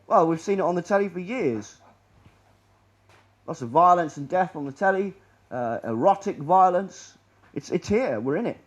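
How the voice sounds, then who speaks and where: A man's voice: high-pitched, animated, moderate pace, long pauses, lo-fi sound. Sardonic man giving a rambling talk. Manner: rambling, sardonic, trails off quietly. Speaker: presenter. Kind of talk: public presentation. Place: lecture room.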